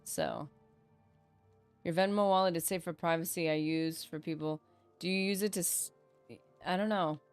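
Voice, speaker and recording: A woman streams a game and makes casual, meandering conversation, laughing at herself and letting sentences fade out before restarting. Her voice is on the low side with fairly even intonation and a clean tone, at a moderate pace with long pauses, and faint music plays behind her.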